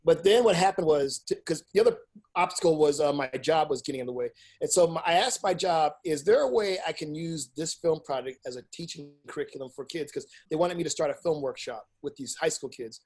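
A middle-aged independent filmmaker and teacher talks fast in a voice on the high side during a casual interview. He's animated and blunt, swearing freely and acting out what people said as he tells his stories.

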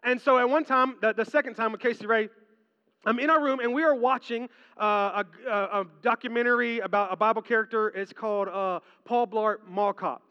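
A male pastor preaching a sermon in a large hall, telling stories animatedly and swinging from hushed tones to excited ones. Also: sits high, fairly quick, clean tone. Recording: reverberant hall, dull lo-fi sound.

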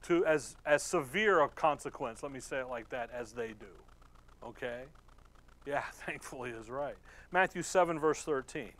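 A man preaching a Bible-study sermon in a conversational, folksy way, laughing often and reading scripture slowly and deliberately. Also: medium pitch, a bit bright. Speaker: pastor.

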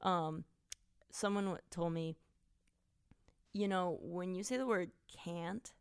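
A woman's voice: on the low side, fairly even intonation, takes it slowly, smooth, no echo, clean studio sound. A young woman from Wisconsin, co-hosting a podcast in a chatty, giggly, self-mocking way. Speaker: podcast co-host. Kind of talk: casual chat.

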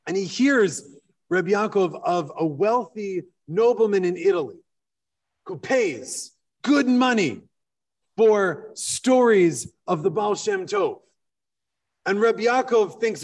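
High-voiced rabbi telling a story from afar. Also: male voice, unhurried. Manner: animated, with fillers. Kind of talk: sermon storytelling. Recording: distant mic.

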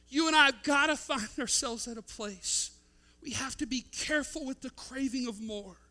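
Male pastor, 30s, high bright voice, dynamic sermon delivery swinging loud to hushed.

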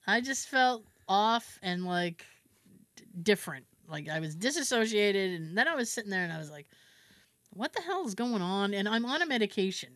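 A woman's voice: medium pitch, expressive, normal speed, fairly bright tone, dry recording. A woman hosting a podcast, telling a story in casual chat, acting out quotes, laughing often and swearing freely. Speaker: podcast host.

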